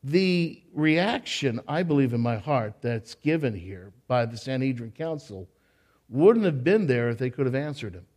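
A man preaching a sermon to a congregation in church, animated, repeating his words and tossing in joking asides. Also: medium pitch, unhurried. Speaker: pastor.

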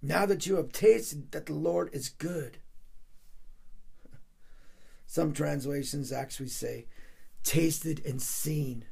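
Man, pastor, gravelly husky voice, somewhat high, heartfelt sermon. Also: slow pace, long pauses, dark tone. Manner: heartfelt, gets emotional telling a personal story.

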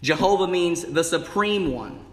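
An expressive, unhurried man with a high-sitting voice delivers an evening sermon, drawing out key words with emphatic rhythm. The congregation answers back in the church sanctuary, and the hall adds a long reverb.

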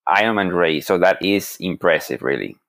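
A man's voice: low voice, animated, normal speed, gravelly, fairly bright tone, no echo. A male co-host speaking encouragingly in a casual interview, with hesitant phrasing.

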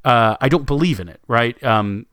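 A man's voice: medium pitch, animated, normal speed, fairly bright tone, clean tone, no room sound, clean studio sound. A man co-hosting a sports podcast, talking casually with lots of fillers and restarts. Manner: rambling, many fillers and restarts.

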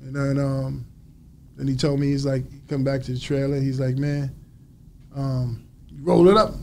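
A man as an interview guest, telling a story in a lively way and acting out other people's lines. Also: medium pitch, normal speed, gravelly, a little hiss or hum. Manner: animated storyteller acting out quotes.

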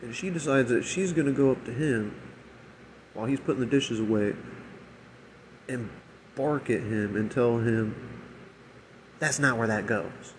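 A man in a casual, profanity-laced rant about a bad night at work. His voice sits at an ordinary middle pitch, and he slips into mocking voices when quoting people. A faint air conditioner hums in the room behind him. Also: normal speed, pauses often, a little mellow, a little hiss or hum, poor audio. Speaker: restaurant shift manager.

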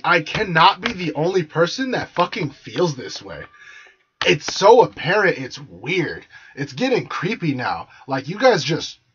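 A man's voice: a little high, fairly bright tone, a little hiss or hum. A young man from San Jose ranting bluntly and crudely on a podcast, swearing constantly and sounding exasperated. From San Jose, California. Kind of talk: profane ranting monologue. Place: small room with the door partly closed. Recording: dull lo-fi sound.

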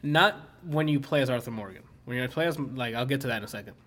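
A man's voice: mid-range voice, fast, fairly bright tone. A man streaming, chatting casually and rambling through a story, filling his talk with "like" and swearing often. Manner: rambling, swears a lot, many fillers. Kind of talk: casual chat.

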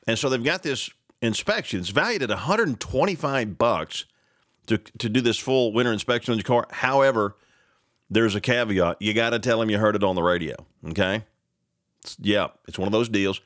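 Rambling radio host, dry studio sound. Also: male voice, on the low side, no echo. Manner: animated, rambling, reads news aloud with reactions. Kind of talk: casual morning radio chat. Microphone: studio microphone.

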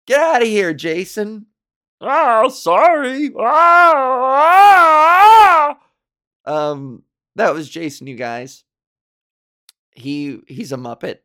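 Animated, swearing woman podcast host. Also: sits low. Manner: animated, swearing, self-deprecating storyteller who acts out quotes. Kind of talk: casual solo podcast chat.

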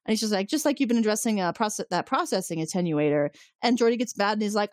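Animated woman recapping an episode, dry room. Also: medium pitch, fast, hardly any pauses, dry recording. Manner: animated retelling, acts out lines with laughs. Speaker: podcast co-host. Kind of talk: casual chat recapping a TV episode.

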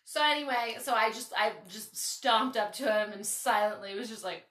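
Podcast host lady rambling a story, lots of "like", bright voice, roomy echo. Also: a little high, moderate pace, distant mic. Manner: animated, swearing, lots of "like". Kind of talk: casual storytelling chat.

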